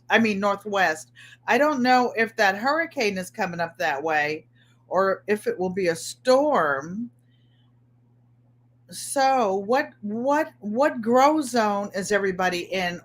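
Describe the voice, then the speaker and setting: Woman, middle-aged, livestream host, casual chat, repeats herself, unhurried pace. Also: medium pitch. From Connecticut. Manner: chatty, greets viewers by name, repeats phrases.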